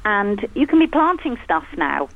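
A woman's voice: medium pitch, very animated, normal speed. Teasing middle-aged Englishwoman on a dull line. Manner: amused, teasing storyteller. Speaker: landscape gardener, guest. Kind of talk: casual radio chat.

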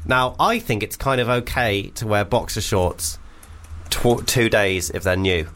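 Chatty radio host, lively voice. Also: male voice, lowish voice, a little slow. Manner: chatty, jokey, laughs often. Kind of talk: casual comedy radio chat. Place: radio studio.

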